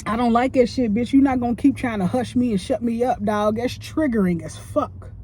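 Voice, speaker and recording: A woman's voice: a little fast, slight background noise. Woman ranting animatedly about her job. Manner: profane, animated, with big swings in pitch. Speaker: line cook. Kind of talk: venting rant while eating on camera. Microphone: phone held close.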